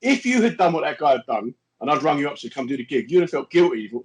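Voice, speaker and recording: A male comedian co-hosting a relaxed chat show. His pitch swings widely as he tells his stories, and he slips into other people's voices for the punchlines. His voice sits a little above the usual male range. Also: fast talker, few pauses, low-quality recording. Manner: animated storyteller, acts out voices in quotes. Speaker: co-host, comedian.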